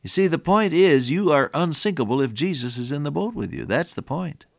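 A man's voice: on the high side, lively intonation, a little fast, creaky, dry recording, clean studio sound. An older man preaching an earnest radio sermon, his voice rising and dropping in volume for emphasis.

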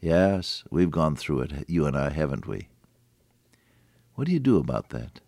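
An older man preaches a gentle radio devotional in a very low voice that swoops up and down with feeling. He talks folksy and conversational, stumbling over his words and then reading Scripture slowly. The sound is dry and close, with no room around him. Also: sing-song, dry recording. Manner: folksy, conversational, with frequent restarts and Scripture quoting.

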